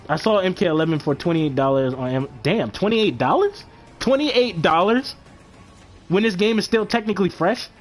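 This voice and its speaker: Exasperated, higher-voiced man ranting on stream. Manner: exasperated, profane, slangy ranting. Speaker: live streamer. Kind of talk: casual live stream rant.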